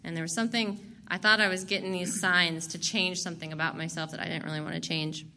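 A woman's voice: on the low side, steady tone, fast, sharp tone, a little hiss or hum. A woman candidly sharing her recovery story to a group, blunt and profane and laughing at herself. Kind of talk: candid personal testimony.

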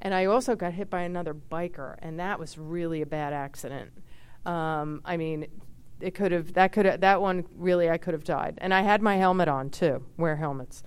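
Chatty woman in her fifties, smooth voice. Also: lowish voice, moderate pace. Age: 50s. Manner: chatty, expressive, many fillers and asides. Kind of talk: casual personal storytelling.

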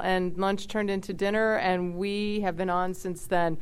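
A woman in her fifties telling personal stories in a chatty, expressive way. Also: mid-range voice, measured pace, smooth. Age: 50s. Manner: chatty, expressive, many fillers and asides. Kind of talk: casual personal storytelling.

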